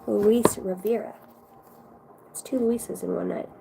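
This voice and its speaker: A woman's voice: mid-range voice, fairly even intonation, slow, gravelly, very noisy. A woman giving a casual livestream card reading, chatty and effusive, swearing freely as she talks to her viewers. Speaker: tarot reader.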